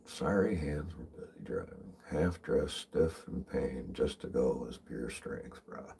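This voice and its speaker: Deep, husky man rambling while driving. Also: expressive, a little slow, dark tone. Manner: rambling, profane, laughs a lot. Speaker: livestreamer and tree climber. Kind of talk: casual livestream chat.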